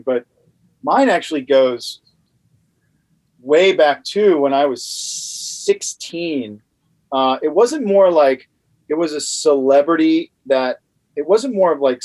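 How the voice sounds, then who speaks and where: A man's voice: medium pitch, low-quality recording. A man from Louisiana telling a rambling anecdote as a podcast guest, with lots of fillers. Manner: animated, rambling with many fillers. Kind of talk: casual storytelling.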